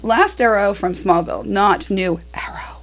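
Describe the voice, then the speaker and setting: A woman's voice: mid-range voice, moderate pace. A woman from Utah, a podcast guest, chatting casually with a wry, easy laugh. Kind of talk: casual chat.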